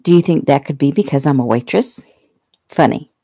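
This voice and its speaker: Woman voicing young Southern waitress, cheerful, friendly, low-pitched, dry sound. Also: animated, normal speed, mellow, breathy edge, no room sound, full character voice.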